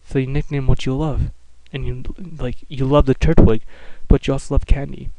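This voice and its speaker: A man's voice: medium pitch, level tone, normal speed, creaky, mellow, rough recording. A young man giving joking, mock-dramatic commentary while playing a video game. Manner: joking, mock-dramatic, narrates in second person. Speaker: let's play commentator. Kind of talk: casual gameplay commentary.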